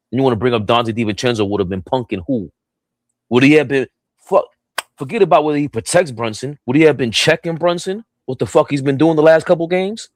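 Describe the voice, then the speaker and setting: Male sports stream host, mid-pitched voice, dry sound, heated and profane. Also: no echo. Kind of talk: fired-up sports talk stream.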